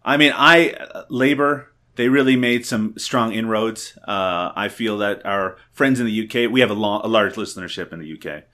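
A man's voice: on the low side, moderate pace, hardly any pauses, bright, forceful tone. A man from Canada hosting a podcast in jokey, teasing casual chat. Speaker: podcast host.

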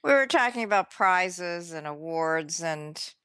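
Woman co-host, wry and dry, bright tense tone, close dry sound. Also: on the low side, expressive, measured pace, smooth, dry recording. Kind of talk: casual chat.

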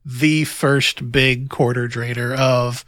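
A man's voice: mid-range voice, steady tone, slow, a bit bright, no echo, studio quality. A man co-hosting a casual podcast chat, wry and joking. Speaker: podcast co-host.

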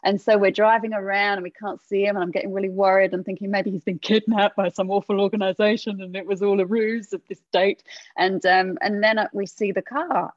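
A woman's voice: medium pitch, no room sound. Woman in her forties from England, rambling storyteller, dry dull recording. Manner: rambling storytelling with many fillers. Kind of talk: casual chat.

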